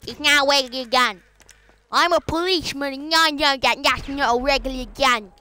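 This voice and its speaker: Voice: high voice, normal speed, sharp tone. A gamer putting on a bratty voice as a self-proclaimed old policeman, taunting other players with repeated insults over game voice chat. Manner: taunting, mocking, repetitive insults. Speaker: online game troller.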